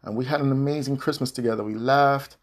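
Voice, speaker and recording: A man's voice: medium pitch, steady tone, quick pace. A man hosting a podcast, delivering a heated, profane, repetitive monologue addressed to an ex-partner. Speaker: podcast host.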